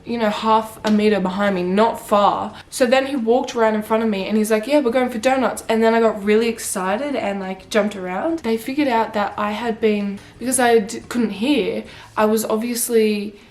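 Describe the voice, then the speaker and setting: Young woman vlogger, mid-pitched, animated and sweary, casual chatty storytelling. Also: normal speed.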